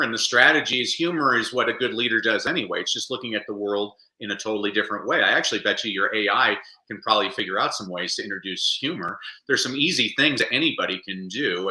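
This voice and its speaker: Male podcast guest, animated storyteller, bright tone, roomy echo. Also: fairly low pitch. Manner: animated storyteller, acts out quotes. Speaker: guest speaker. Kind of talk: podcast interview.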